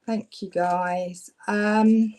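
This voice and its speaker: Drawing out her words at medium pitch, a warm-hearted Devon woman chats with viewers while giving live psychic card readings. She gets louder when excited, and the recording is rough.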